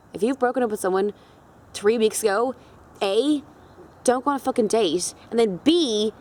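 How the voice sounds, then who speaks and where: A young woman, casually telling a dating story to camera, full of fillers and swearing. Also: mid-range voice. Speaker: beauty vlogger.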